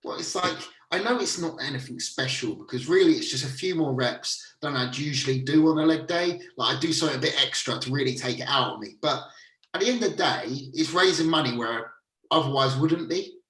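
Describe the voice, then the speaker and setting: A man's voice: fairly high pitch, a little fast, fairly bright tone, recorded from a distance. A man co-hosting a casual podcast chat, laid-back and chatty, swearing now and then. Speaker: podcast co-host. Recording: roomy echo, speaking from off-mic.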